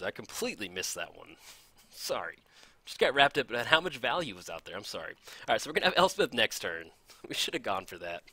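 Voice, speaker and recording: An excitable man narrates his card game play in a casual, chatty way, laughing often and cheerfully owning up to his slip-ups. His voice is bright and forward, with lively swings in pitch. The sound is dry and close. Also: dry recording. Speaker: gameplay commentator.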